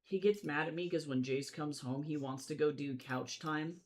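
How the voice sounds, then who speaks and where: A man's voice: a little high, steady tone, normal speed. Profane, rambling man ranting on stream. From United States. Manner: loose, profane, filler-heavy ranting. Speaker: comic artist streaming. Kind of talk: casual rant while drawing on stream.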